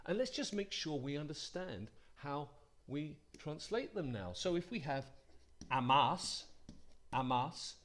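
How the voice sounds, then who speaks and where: A man teaching a Latin lesson, patient and repetitive, inviting listeners to say the forms aloud with him. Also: medium pitch. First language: English. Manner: patient, repeats phrases for pupils to say aloud. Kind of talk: classroom-style lesson.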